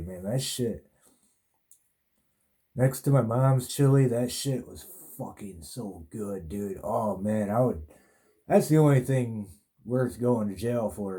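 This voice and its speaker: Very dark-voiced, profane male storyteller. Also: on the low side. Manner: profane, laid-back, full of fillers. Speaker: podcast host. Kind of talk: rambling storytelling monologue.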